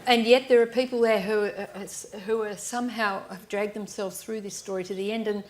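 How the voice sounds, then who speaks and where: Speaking quickly at medium pitch, a woman author on a live stage panel spins lively anecdotes and impersonates the people in them, restarting often. The recording is very noisy.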